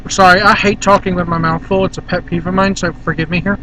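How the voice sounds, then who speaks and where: A man's voice: high-pitched, little pitch movement, quick pace, background noise. A man from Virginia rambling casually and bluntly to the camera in a vlog, filmed on a handheld camera in a car. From Virginia, USA. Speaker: vlogger.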